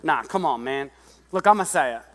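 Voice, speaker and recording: A pastor in his thirties preaching a lively sermon, breaking into shouted impressions of kids and parents. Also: a little high, normal speed. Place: church hall. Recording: long reverb of a large church hall.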